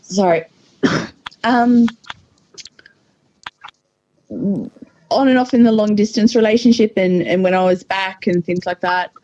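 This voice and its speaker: A woman guest telling a personal story hesitantly, with many pauses and ums, over a muffled line. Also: medium pitch, warm tone, slight background noise. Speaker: podcast guest. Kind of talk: personal story in casual talk.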